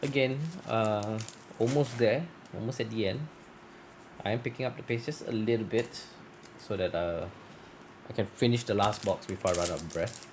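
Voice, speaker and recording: A man with a lowish voice chats casually at normal speed while opening card packs, rambling and correcting himself. His voice is getting scratchy from talking so long.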